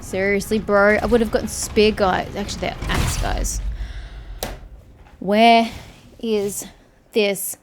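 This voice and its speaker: A woman's voice: medium pitch, level tone, normal speed, hardly any pauses, noisy background. A young woman giving casual let's-play commentary, frustrated and swearing as she mutters to herself. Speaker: gaming streamer.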